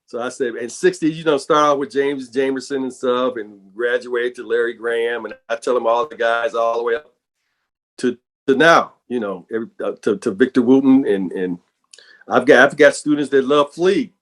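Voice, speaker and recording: A middle-aged man, a bassist, telling stories in a casual interview, animated and often repeating words as he goes. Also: moderate pace. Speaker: bassist and guest.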